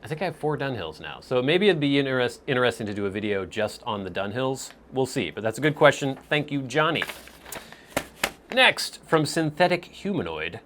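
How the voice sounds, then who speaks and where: A man's voice: medium pitch, sing-song, moderate pace, fairly bright tone, a little hiss or hum. A man hosting a casual question-and-answer video, thinking aloud and searching for words with small restarts. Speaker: host answering viewer questions. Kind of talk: casual Q&A vlog.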